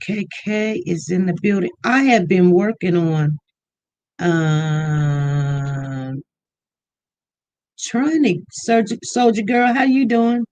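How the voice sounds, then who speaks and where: A livestream host in casual chat, greeting viewers one by one by name in an easygoing, unhurried way and inviting them to call in. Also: mid-range voice, darkish tone.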